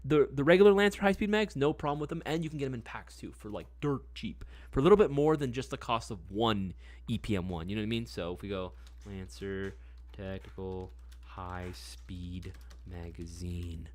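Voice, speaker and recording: A man's voice: lowish voice, normal speed. A young man hosting a casual live stream, talking in a laid-back, slangy way and often tagging on "right?" and "man". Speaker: livestream host.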